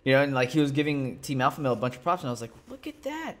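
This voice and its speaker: A man's voice: mid-range voice, fairly even intonation, racing. Laid-back young man swearing casually. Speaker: podcast co-host. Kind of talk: casual chat.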